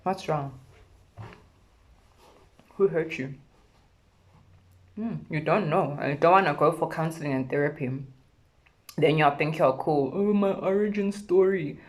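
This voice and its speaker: Young south african woman, vlogger, low-pitched voice, sassy animated storyteller, acts out dialogue. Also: a little slow, pauses often. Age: young adult. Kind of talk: mukbang storytime vlog.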